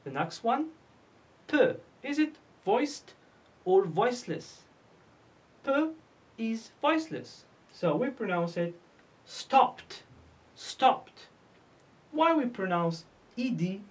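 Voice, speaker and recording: A woman's voice: mid-range voice, big pitch swings, takes it slowly, a little mellow. A woman teaching English pronunciation, asking and answering her own questions and repeating each word. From North Africa. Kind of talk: slow classroom lesson.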